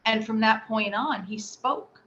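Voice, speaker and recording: A woman being interviewed, telling a personal story with animated delivery and acting out the voices she quotes. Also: a little high, measured pace. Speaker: interview guest. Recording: slightly dull audio with faint noise.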